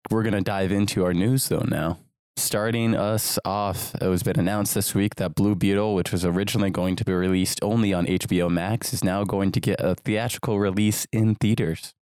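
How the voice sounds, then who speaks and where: A man with a low voice hosts a relaxed podcast and leads it from one segment to the next. He keeps a steady flow with the odd filler. His voice sounds close and dry. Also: normal speed, smooth, dry recording. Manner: steady, moves the show along with fillers. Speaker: podcast host. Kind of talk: casual chat, leading segments.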